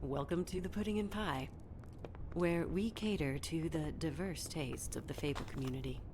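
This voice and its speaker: Woman doing a low breathy hostess at a club, hushed and seductive, noisy game audio. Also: normal speed, close to an everyday voice. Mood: sultry. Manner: soft, sultry, half-whispered. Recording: game audio with clear background noise.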